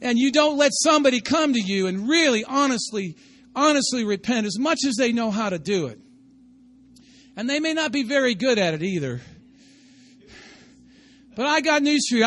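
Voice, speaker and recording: High-voiced man preaching a lively sermon. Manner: conversational preaching, rising to shouts; asks the congregation for responses. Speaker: pastor.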